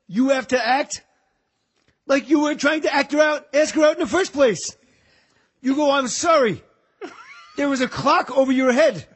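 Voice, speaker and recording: A man putting on the voice of a gruff aging tough-guy actor doing bad stand-up, ranting in a gravelly, barking way. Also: very high-pitched, pitched above the performer's own voice.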